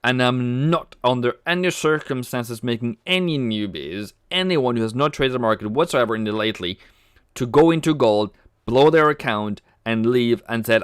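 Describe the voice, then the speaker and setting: A man's voice: medium pitch, animated, normal speed, smooth, no echo, clean studio sound. A man hosting a casual trading livestream, chatty, reading viewer comments aloud and cracking jokes. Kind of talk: casual live-stream chat.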